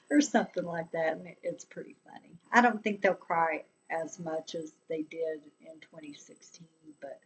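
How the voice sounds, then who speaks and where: A woman chats slowly and loosely to her live stream viewers, laughing often as she rambles along. Her voice sits at a middle pitch, and a faint noise hums underneath. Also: poor audio. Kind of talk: casual political chat on a live stream.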